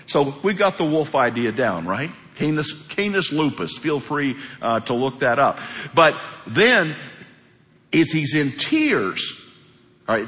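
A middle-aged man, a pastor, delivering an emphatic, animated sermon with quick asides, in a church sanctuary. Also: a little high. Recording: long hall reverb.

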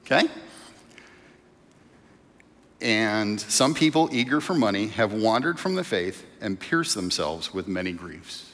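A man's voice: fairly low pitch, fairly bright tone. A man preaching a sermon in a church in a conversational, storytelling way. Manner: conversational preaching, tells stories. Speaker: pastor. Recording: long reverb of a church hall.

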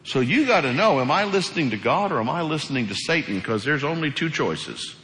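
A male pastor preaching a sermon in a church sanctuary. He speaks in a colloquial, animated way and acts out the voices he quotes. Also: fairly high pitch, fairly quick. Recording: echoey hall reverb.

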